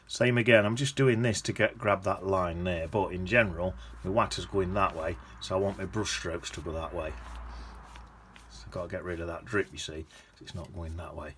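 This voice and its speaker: A man's voice: deep voice, steady tone, moderate pace, fairly bright tone, slight background noise. A man teaching watercolour painting in a chatty, rambling way, humming to himself as he paints. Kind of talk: casual painting demonstration.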